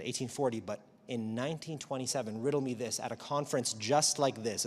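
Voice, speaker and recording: A man giving a live talk to an audience, animated, wry and emphatic. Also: mid-range voice. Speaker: speaker. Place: large auditorium. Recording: long hall reverb.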